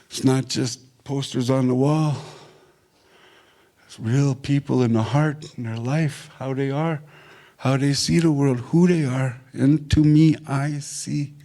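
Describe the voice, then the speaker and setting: With a warm, mid-range voice, a Manitoba man invited to speak shares something personal in a sincere, straightforward way. Repeated phrases come up often in his talk.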